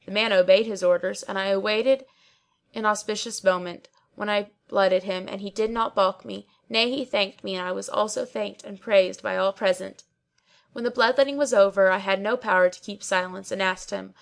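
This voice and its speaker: A woman narrating an old tale in a measured, storytelling delivery. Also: medium pitch, steady tone, vocal fry. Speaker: audiobook reader. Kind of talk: scripted narration.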